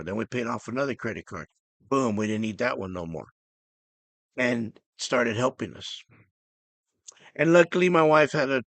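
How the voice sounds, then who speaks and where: A middle-aged man hosting his own podcast, talking earnestly and emotionally with halting restarts. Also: medium pitch, a bit bright, no room sound. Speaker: podcast host. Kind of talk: personal podcast monologue.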